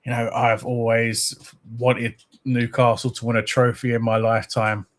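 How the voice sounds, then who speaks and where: A man's voice: medium pitch, level tone, normal speed. Man, football fan channel host, casual live chat, rambling, reads out comments.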